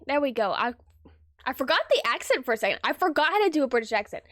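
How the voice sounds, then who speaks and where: Chatty woman streamer, high voice. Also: big pitch swings, fast talker, fairly bright tone, dry recording. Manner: chatty, self-correcting. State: voice weakened from recent illness. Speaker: let's play streamer. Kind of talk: casual gameplay commentary.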